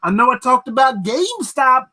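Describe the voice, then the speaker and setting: A man's voice: very high voice, big pitch swings, moderate pace, sharp tone, pitched above the performer's own voice, exaggerated voice. A man parodying a male online commentary host who drawls and overhypes his topic. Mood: mock hype.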